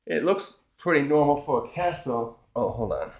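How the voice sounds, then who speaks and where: A man of middle pitch talks casually on his own about a comic chapter. He rambles and cuts himself off mid-sentence, then slips into quick acted bits of the characters' lines. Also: expressive, darkish tone. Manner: rambling, self-interrupting, acts out characters' lines. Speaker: manga review host. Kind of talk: casual solo chapter review.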